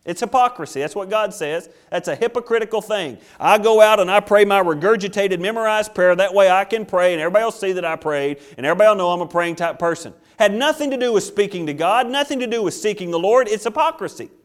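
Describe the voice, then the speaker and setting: A man with a high voice preaching a sermon. He reads scripture aloud and acts out little voices, with dramatic swings from soft and low to loud and high. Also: expressive, fast talker, few pauses. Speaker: pastor.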